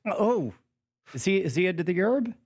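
A man with a slightly high, lively voice cracks quick jokes on a podcast quiz. His voice is recorded dry and close to the mic. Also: slightly rough, no room sound. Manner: quick, laughing quips. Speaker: podcast co-host, quiz contestant. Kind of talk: casual joking chat.

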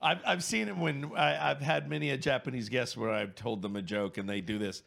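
A man's voice: mid-range voice, brisk, gravelly, fairly bright tone. A man co-hosting a comedy podcast with a dry, laconic manner. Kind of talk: comedy chat.

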